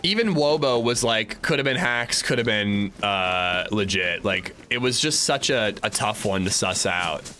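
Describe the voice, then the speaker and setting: Male game streamer, casual chatter with viewers, lively pitch. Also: unhurried, few pauses, a little hiss or hum. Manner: chatty, reads and answers chat. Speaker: gaming livestreamer. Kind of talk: casual gameplay commentary.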